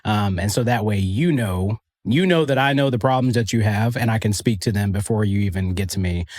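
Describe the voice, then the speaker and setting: A man from Arkansas with a Southern accent, a podcast guest explaining his work in an earnest, steady way with frequent ums. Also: fairly low pitch, a little fast, dry recording. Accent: Southern American. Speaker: podcast guest, studio owner. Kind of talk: casual interview chat.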